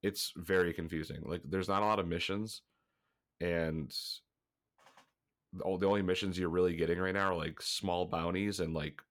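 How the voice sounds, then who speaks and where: A man's voice: low voice, steady tone, normal speed, a bit bright. A man co-hosting a gaming podcast, chatting casually and a little congested, rambling and swearing as he talks. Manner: rambling, swears freely, laughs often. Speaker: podcast co-host.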